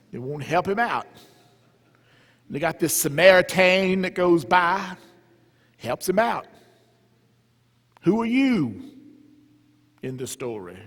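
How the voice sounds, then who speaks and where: A man with a Southern US accent imitating a pompous old monsignor, preaching in a slow drawl. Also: a little high, exaggerated voice. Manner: slow drawling sermon delivery. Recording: reverberant church hall.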